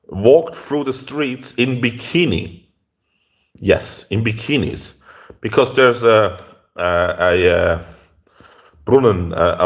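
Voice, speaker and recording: A man telling a story in a casual rant, rambling with halting restarts and profane outbursts. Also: medium pitch.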